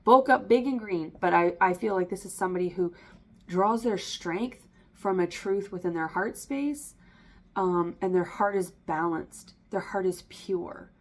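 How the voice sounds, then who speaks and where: A woman's voice: lowish voice, a little slow. Rambling woman giving a tarot reading. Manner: rambling, with frequent ums and likes; self-interrupting, slips and restarts. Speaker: tarot reader. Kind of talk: casual spoken tarot reading.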